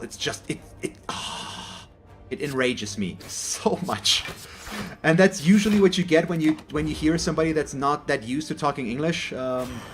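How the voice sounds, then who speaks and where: German-born male gaming host, slightly high voice, chatty and meandering, faint music behind. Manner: rambling, self-correcting, chatty. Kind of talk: casual gameplay commentary.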